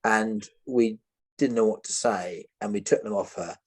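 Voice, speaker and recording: A man, a podcast guest telling a story with lively energy, who acts out the voices of other people and often laughs. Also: fairly low pitch, normal speed.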